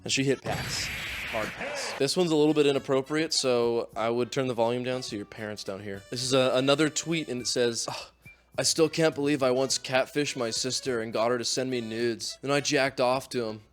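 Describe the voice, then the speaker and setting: A man's voice: medium pitch, a little fast, natural voice. A man playing a goofy mock doctor host. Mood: sarcastic. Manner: sarcastic, mock-professional, reads posts aloud. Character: goofy self-styled doctor-professor advice host, male adult. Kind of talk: comedic commentary on social media posts. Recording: faint music behind.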